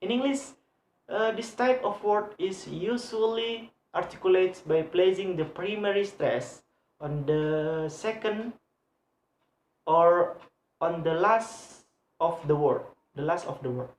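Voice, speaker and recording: Slow, hesitant young man in an echoey room. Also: high voice, slight background noise. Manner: halting, with many pauses and fillers, repeating example words. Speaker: student presenter. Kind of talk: explaining grammar in a class video. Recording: roomy echo.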